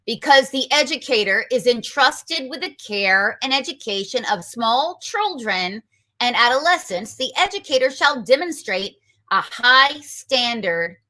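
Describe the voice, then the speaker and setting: A woman's voice: on the high side, sharp tone. A woman hosting a political show, giving combative, emphatic commentary full of rhetorical questions. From North Carolina, US.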